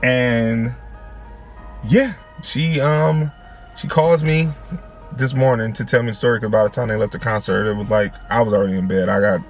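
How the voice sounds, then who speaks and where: Animated man telling a storytime. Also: mid-range voice, normal speed, soft background music. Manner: animated, repeats phrases for emphasis; slangy, conversational. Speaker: family vlogger. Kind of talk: casual storytime to camera.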